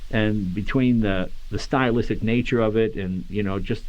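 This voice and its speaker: A man's voice: fairly low pitch, normal speed. A man answering interview questions in a joking, self-deprecating way. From New England. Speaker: voice actor interviewee. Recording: dull lo-fi recording.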